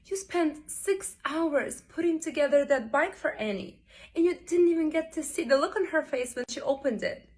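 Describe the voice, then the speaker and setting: A woman acting a monologue as an exasperated wife scolding her husband, reproachful and measured. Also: sits high.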